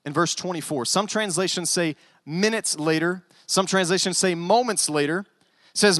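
A male pastor preaching a sermon in an animated way, with joking asides. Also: sits high, moderate pace, no echo, big-room sound.

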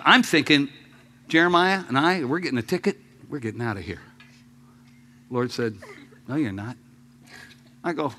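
Male preacher telling a story from the pulpit, animated and expressive, bright voice. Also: a little high, a little hiss or hum. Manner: animated, acts out voices, laughs, sudden shouts. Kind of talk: sermon storytelling.

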